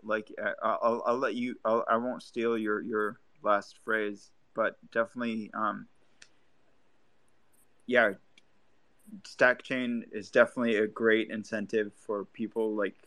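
Lebanese-born guy, low-ish voice, lots of um and like, dry audio. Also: little pitch movement, sharp tone, no room sound. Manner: halting, lots of fillers and restarts. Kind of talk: casual chat.

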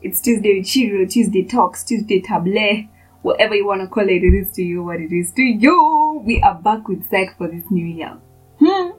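Husky young woman chatting. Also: on the low side, rough recording. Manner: chatty, rambling with many fillers. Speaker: podcast host. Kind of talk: casual devotional talk.

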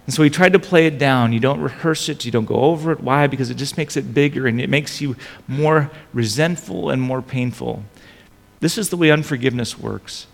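A middle-aged man preaching a sermon as a pastor, telling stories animatedly with frequent restarts and a gravelly voice. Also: mid-range voice, brisk, big-room sound.

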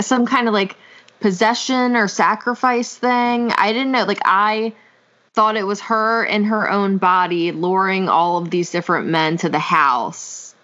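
A woman's voice: on the low side, fairly bright tone, muffled recording. A woman co-hosting a casual podcast chat, speaking hesitantly with many fillers. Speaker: podcast co-host.

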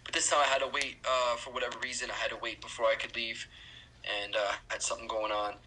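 A man speaking as a podcast guest, earnest and hesitant, often pausing with fillers. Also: medium pitch, level tone, background noise. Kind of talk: casual chat.

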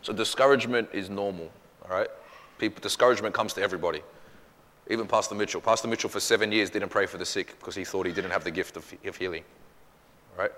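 A man, a pastor, answering questions from his congregation in a casual, animated way, acting out little quoted exchanges. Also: low voice, quick pace, in a large hall. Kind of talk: church Q&A teaching.

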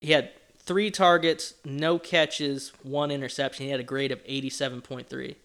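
A man's voice: medium pitch, normal speed, clean tone. A man co-hosting a sports talk show, chatting casually and playfully about stats. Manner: animated, playful, counts stats aloud. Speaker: sports podcast co-host.

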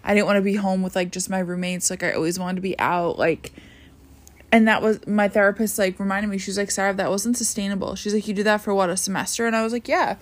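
A woman's voice: mid-range voice, fairly even intonation, quick pace. A young woman in her twenties talking casually about her life as a podcast host, tired and yawning, rambling with many fillers and restarts. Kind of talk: casual personal vlog talk.

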